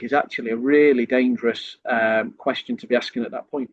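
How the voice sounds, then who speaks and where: A man's voice: mid-range voice, fairly even intonation, a little fast, no echo, muffled recording. A man, a sales trainer, explaining in a podcast conversation and acting out lines a customer might hear.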